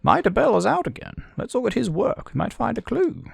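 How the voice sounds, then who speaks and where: A man voicing a scheming, smooth-talking nobleman in a video game, in a high, theatrical put-on voice with a vague accent. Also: huge pitch swings, a little fast, dry recording, clean studio sound, exaggerated voice. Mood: conspiratorial.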